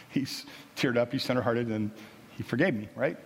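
A man's voice: mid-range voice, normal speed, husky, big-room sound. A middle-aged man preaching a sermon as pastor, talking in a casual, folksy way with stories and frequent restarts. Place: church sanctuary.

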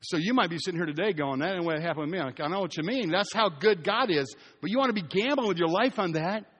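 Middle-aged guy preaching, pretty high voice, chatty storytelling vibe, church hall echo. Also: fast talker, husky, lo-fi sound. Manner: storytelling, animated and conversational. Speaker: pastor. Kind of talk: sermon.

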